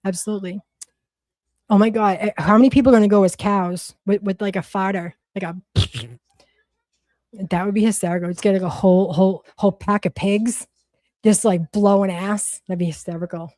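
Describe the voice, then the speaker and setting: A woman's voice: mid-range voice, steady tone, fairly quick, a little mellow, no echo. A woman from Massachusetts with a Boston accent, chatting bluntly and profanely on a livestream, rambling with lots of restarts. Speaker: livestream host. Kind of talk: casual livestream chat.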